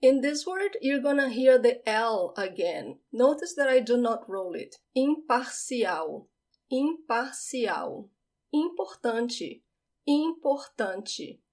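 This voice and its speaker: A woman with a Brazilian Portuguese accent, a native Portuguese speaker, teaching vocabulary and saying each word slowly and clearly before explaining it. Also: on the high side, expressive, darkish tone. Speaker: language teacher. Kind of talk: vocabulary lesson with slow pronunciation drills.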